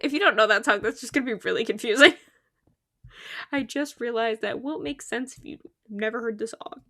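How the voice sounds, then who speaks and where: Pitched on the high side, this young woman talks at a normal speed with a pushed, bright quality. She's chatting casually while playing a game on a live stream, talkative and often laughing at her own remarks.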